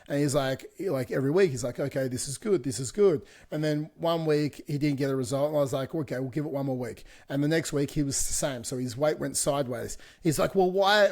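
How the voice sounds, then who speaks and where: A man's voice: a little high, darkish tone. Blunt, swearing fitness coach man. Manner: blunt, swears freely, laughs between points. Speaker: podcast co-host, fitness coach. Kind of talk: casual podcast chat.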